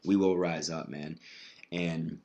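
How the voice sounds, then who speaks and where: Host, male, very low voice; loose swearing solo podcast ramble. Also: steady tone, takes it slowly, darkish tone. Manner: rambling, profane, restarts often. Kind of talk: casual solo podcast monologue.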